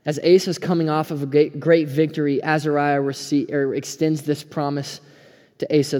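Pastor in his thirties, earnest sermon delivery, slightly high pitch, warm and dark tone, reverberant sanctuary. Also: level tone, normal speed. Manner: earnest, swings between hushed and fired-up. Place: church sanctuary. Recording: preaching in a hall with long reverb.

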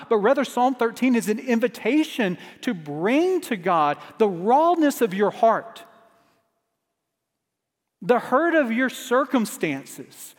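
High-voiced man preaching in a reverberant hall. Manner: earnest preaching, rising urgency on repeated refrains. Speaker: pastor. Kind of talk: sermon.

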